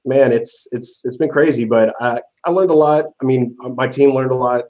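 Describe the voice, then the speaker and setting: A man's voice: medium pitch, steady tone, moderate pace, darkish tone, muffled recording. A man being interviewed as a guest, talking in a laid-back way and laughing often. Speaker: event promoter guest. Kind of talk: casual interview chat.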